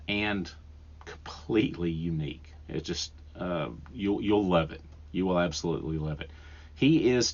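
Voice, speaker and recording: A man's voice: low voice, highs cut off. A man with a thick Southern accent hosting a podcast, recommending books in an enthusiastic, rambling way with fillers and restarts. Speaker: podcast host. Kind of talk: casual book recommendations.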